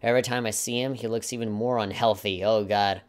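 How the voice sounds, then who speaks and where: A man's voice: fairly low pitch, fairly even intonation, fairly quick. Sarcastic man reading game dialogue. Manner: sarcastic, mock-dramatic, chuckling asides. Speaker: let's play commentator. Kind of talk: reading game text aloud with joking commentary.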